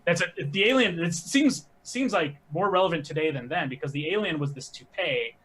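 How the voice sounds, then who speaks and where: A man, a podcast guest telling animated stories with quick asides. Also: fairly high pitch, husky. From American Midwest. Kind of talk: casual podcast chat.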